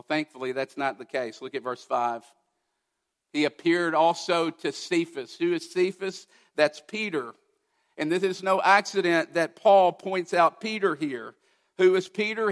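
A man preaching a sermon, emphatic, asking rhetorical questions and swinging from loud to hushed. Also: fairly high pitch, big-room sound. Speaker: pastor.

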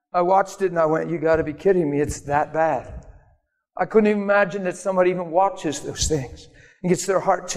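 An earnest preacher delivers a sermon in a plain, conversational way. His voice sits a bit high for a man and springs into high mock voices now and then. The sound rings with the long reverb of a church sanctuary.

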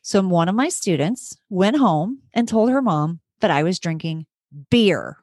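A woman's voice: on the low side, unhurried, no room sound, studio quality. A woman, a teacher, telling a story in casual chat, acting out the people in it. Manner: animated, acts out voices in her story.

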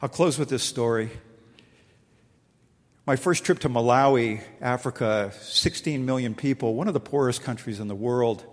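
A man's voice: medium pitch, normal speed, in a large hall. A middle-aged man preaching a sermon, telling a story and acting out the dialogue with rising emphasis. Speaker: pastor.

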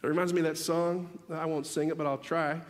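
High-voiced preacher in a reverberant hall. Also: male voice, a little fast. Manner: animated, builds to emphatic peaks. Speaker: pastor. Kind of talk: sermon. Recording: long reverb of a large hall.

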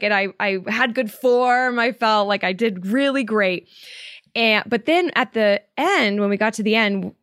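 A young woman hosting a podcast, telling a story in a casual, animated way, laughing often and acting out quotes in high voices. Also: no echo, clean studio sound. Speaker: podcast host.

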